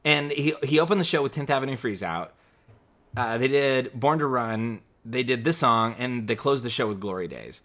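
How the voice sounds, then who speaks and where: A man co-hosting a podcast in a relaxed, talky way. His voice sits at a middle pitch, and he restarts his sentences often while he works toward his point. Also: moderate pace. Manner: rambling, many restarts and "like"s. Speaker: podcast co-host. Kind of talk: casual podcast chat.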